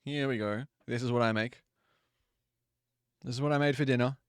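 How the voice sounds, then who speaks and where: A man hosting a live stream, chatting casually and easygoing with viewers, with quick asides and apologies. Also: mid-range voice, steady tone, clean tone, dry recording, studio quality. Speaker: livestream host.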